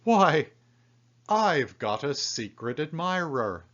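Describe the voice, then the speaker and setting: A man's voice: mid-range voice, very animated, unhurried, fairly bright tone. A man doing a shy lonely man, mild and polite. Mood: pleased. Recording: dull lo-fi recording.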